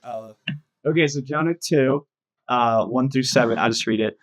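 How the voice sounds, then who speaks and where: A man teaching a casual Bible study in a relaxed, chatty way. His voice sits at an ordinary middle pitch, and he often laughs and peppers his explanations with "like" and "um". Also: normal speed, loud music behind the voice.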